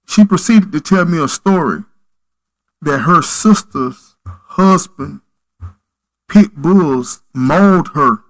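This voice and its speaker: A man's voice: on the high side, fairly bright tone, poor audio. A man as a podcast guest, telling stories in an earnest, preacherly way. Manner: earnest, preacherly, emphatic storytelling. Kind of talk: storytelling in conversation.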